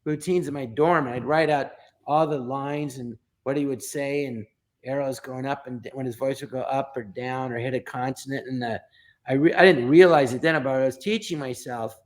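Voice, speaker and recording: A middle-aged man from Los Angeles, a comedian guest telling a story in an interview and acting out the quoted lines. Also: mid-range voice. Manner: animated storyteller, acts out quoted dialogue.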